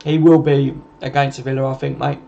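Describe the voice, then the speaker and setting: A man's voice: medium pitch, little pitch movement, brisk, creaky, mellow, a little hiss or hum. Man, casual stream host, matey and chatty, dull lo-fi home audio. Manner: chatty, matey, calls everyone mate. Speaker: livestream host reading viewer comments. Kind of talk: casual football chat.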